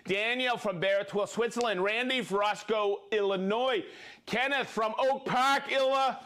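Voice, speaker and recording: A man's voice: high voice, moderate pace, a bit bright. A man hosting a live stream, cheerfully reading out viewer names and places and joking between them. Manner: upbeat, reads viewer names and places, jokes and laughs. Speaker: livestream host. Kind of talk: live-stream shout-outs.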